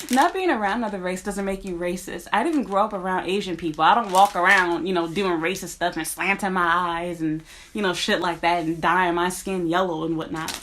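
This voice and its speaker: A woman's voice: fairly low pitch, normal speed, fairly bright tone, slight background noise. A woman talking casually to her viewers, blunt and profane, speaking as a teacher. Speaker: teacher in Japan. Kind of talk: casual vlog rant.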